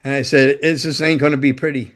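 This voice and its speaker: A former roadie and guitar tech tells casual stories as a guest at a quick pace, his medium-pitched voice flat in delivery. He is loose and profane, laughing mid-story and acting out what others said.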